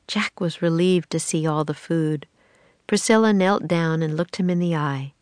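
A woman narrating a children's audiobook in a calm, even storytelling manner. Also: low voice, moderate pace, clear, resonant tone, dry recording. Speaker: audiobook reader.

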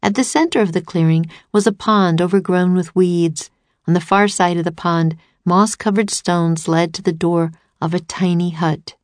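A woman reads a storybook aloud with a steady, clear delivery. Her voice sits on the low side, and the recording is close and dry. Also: normal speed, dry recording. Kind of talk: storybook narration.

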